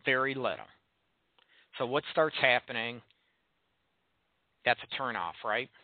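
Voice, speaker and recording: Expressive and measured, a medium-pitched male host delivers a call-in radio monologue on relationships, talking frankly and asking listeners blunt rhetorical questions. The sound lacks echo and is dry and tinny, phone-like.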